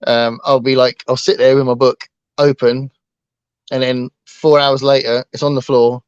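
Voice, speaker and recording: A man's voice: mid-range voice, flat delivery, moderate pace, clear, resonant tone, dry recording, dull audio. A man co-hosting a casual book livestream, talking hesitantly with lots of ums and restarts. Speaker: book channel co-host.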